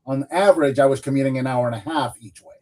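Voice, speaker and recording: A man's voice: mid-range voice, fast talker. A man hosting a livestream podcast, chatting casually and filling his talk with "like" and "dude". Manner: animated, uses "like" and "dude" a lot. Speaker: podcast host. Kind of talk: casual chat.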